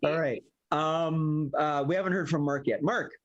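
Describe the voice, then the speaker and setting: A man's voice: a little high, moderate pace, highs cut off. A man hosting an improv game over a video call, giggling and reading prompts from a hat. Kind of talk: hosting online improv show.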